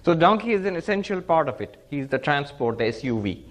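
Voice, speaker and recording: A man's voice: on the high side, brisk. A monk giving a spiritual discourse, telling stories animatedly and chuckling as he teaches. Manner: animated storyteller who laughs and chuckles.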